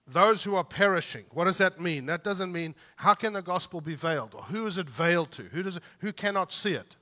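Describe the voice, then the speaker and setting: Bright-voiced man preaching in a hall. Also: lively intonation, fairly quick. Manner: emphatic preaching, rising on read scripture and dropping low for asides. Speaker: pastor. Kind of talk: sermon. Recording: long reverb of a large hall.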